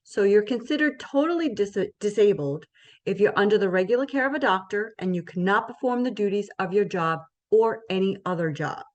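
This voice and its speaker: A woman's voice: medium pitch, a little fast, highs cut off. Chatty woman explaining insurance. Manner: conversational, checks in often with "right?". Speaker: insurance presenter. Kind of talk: educational presentation.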